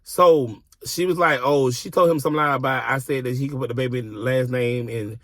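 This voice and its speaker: A man's voice: mid-range voice, steady tone, moderate pace, fairly bright tone, no echo. A man telling a personal story in a casual vlog from his car, blunt, exasperated and heavy on profanity.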